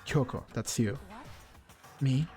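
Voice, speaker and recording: A woman's voice: a bass voice, takes it slowly, dark tone, faint music behind. A woman voicing a cold, arrogant rich teenage boy in a video game, speaking in a condescending way.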